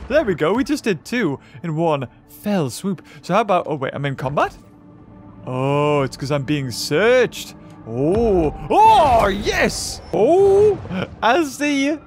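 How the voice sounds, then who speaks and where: Excitable, high-voiced male gamer. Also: a little slow. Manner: excitable, laughing, breaks into shouts. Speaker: gaming channel host. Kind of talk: excitable gameplay commentary. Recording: game music loud behind the voice.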